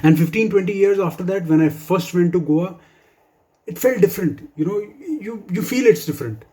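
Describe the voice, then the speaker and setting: Man, stand-up comic, mellow tone, slightly high voice, dry asides. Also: lively intonation, moderate pace. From India. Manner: wry, dry humor with asides. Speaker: stand-up comedian. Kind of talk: stand-up comedy set for office colleagues.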